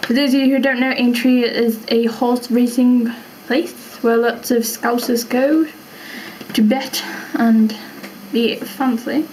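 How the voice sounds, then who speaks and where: A woman's voice: fairly high pitch, steady tone, slow pace, darkish tone, slight background noise, rough recording. Chatty young British woman vlogging. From Britain. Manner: chatty, rambling, full of "you know". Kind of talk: casual chat answering questions to camera. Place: at home.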